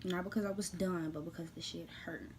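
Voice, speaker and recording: A woman telling a personal story to her viewers in a casual vlog, blunt and animated, jumping between loud bursts and quiet, hushed asides. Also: on the low side, brisk, a little hiss or hum.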